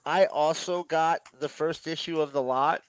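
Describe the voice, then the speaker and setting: A man's voice: a little high, steady tone, normal speed, smooth, dry recording, low-quality recording. A man joking wryly in a casual podcast chat. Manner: wry, joking. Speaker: podcast guest.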